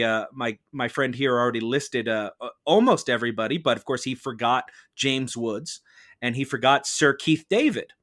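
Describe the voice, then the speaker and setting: A man presents a prepared case as a mock-trial prosecutor. He argues in a measured, formal courtroom manner. His pitch sits in the ordinary middle range for a man. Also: a bit bright. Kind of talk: prepared argumentative case delivered to a judge.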